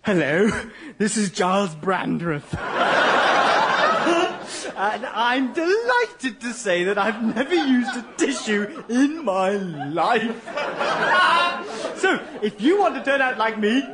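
A man's voice: high-pitched, big pitch swings, slow pace, very noisy, exaggerated voice. A man impersonating a pompous male celebrity who keeps giggling gleefully.

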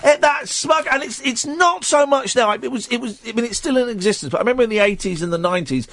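Male radio host, sarcastic ranter, lively swooping pitch, dry close mic. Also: fast, no room sound. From Britain. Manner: ranting, sarcastic, exasperated outbursts. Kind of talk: casual radio chat.

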